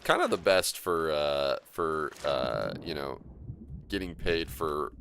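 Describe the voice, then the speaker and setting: A man casually commentating his game stream, relaxed and rambling, often chuckling as he talks. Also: very deep voice, slow pace, vocal fry, slight background noise.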